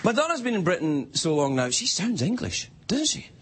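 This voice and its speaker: A Scottish man delivering a late-night stand-up monologue, rambling and self-mocking, his pitch swinging animatedly around a fairly high register. A live studio audience laughs loudly throughout, over constant room noise. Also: huge pitch swings, moderate pace, some chatter behind. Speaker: late-night talk show host.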